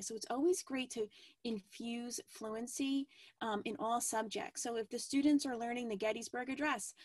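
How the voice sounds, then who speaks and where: Higher-voiced woman teacher presenting a webinar. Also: no echo. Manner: measured, with frequent ums and restarts.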